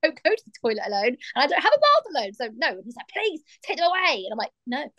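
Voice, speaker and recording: A woman's voice: fairly high pitch, huge pitch swings, very fast, no room sound, lo-fi sound. A woman in her thirties co-hosting a podcast, telling stories with frequent laughs. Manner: laughing, warm storytelling. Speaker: podcast co-host. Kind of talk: casual podcast chat.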